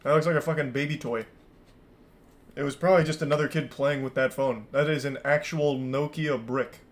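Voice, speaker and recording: A man's voice: mid-range voice, steady tone, a little fast. A man in his thirties giving casual, sarcastic reaction commentary over a video, mocking it and swearing.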